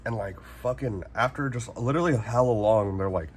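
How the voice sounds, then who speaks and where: A man's voice: on the low side, a little fast, slight background noise. Rambling slangy young man from NorCal. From Northern California. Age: 20s. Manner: rambling, slangy, swears freely, heavy use of "like" and "literally". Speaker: vlogger. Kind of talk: casual storytime.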